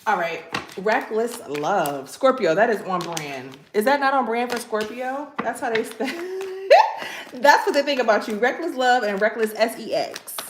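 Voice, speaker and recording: A woman's voice: a little high, animated, measured pace. A chatty, playful woman gives a casual tarot reading straight to her viewers. Her voice bounces around a roomy space. A faint hiss sits under it. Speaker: tarot reader. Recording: echoey room with faint background noise.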